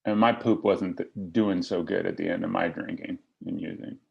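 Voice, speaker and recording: A man's voice: low voice, fairly even intonation, moderate pace, creaky, breathy edge. A middle-aged man telling his personal recovery story to a meeting, in a wry, self-deprecating, joking way. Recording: slightly lo-fi recording.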